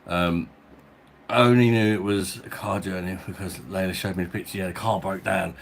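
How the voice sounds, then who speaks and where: Chatting on a live stream from indoors at home, an Englishman with a deep, steady voice speaks at a moderate pace over faint background noise. He reads out viewers' names to greet them, using blokey slang and calling everyone mate.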